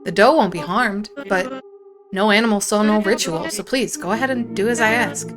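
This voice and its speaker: A woman reading aloud the lines of a calm, insistent forest companion in a game, in a coaxing, gently pushy way, with game music behind. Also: mid-range voice, normal speed, lightly acted.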